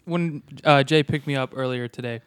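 A man's voice: medium pitch, normal speed, clear, resonant tone, dry recording, clean studio sound. A man who is a guest on a podcast, telling a story in casual, laid-back chat and chuckling as he goes. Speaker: in-studio guest.

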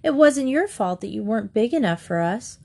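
A woman reading aloud, voicing an excitable young girl who talks eagerly. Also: fairly high pitch, moderate pace, gravelly, heavily acted. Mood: wistful.

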